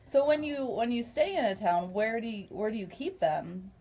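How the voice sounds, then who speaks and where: A woman with a slightly raised, husky voice joins the studio chat as co-host, cheerful and curious about the animals. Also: fairly high pitch, moderate pace, warm tone. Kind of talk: casual radio studio interview. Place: radio studio.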